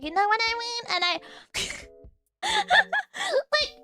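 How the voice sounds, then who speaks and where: A woman's voice: extremely high pitch, wildly swooping pitch, slow, pushed and bright, soft background music. A young woman streamer chatting casually, giggling often and repeating her words as she talks. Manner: giggly, laughs often between phrases. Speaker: virtual streamer. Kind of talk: casual chat.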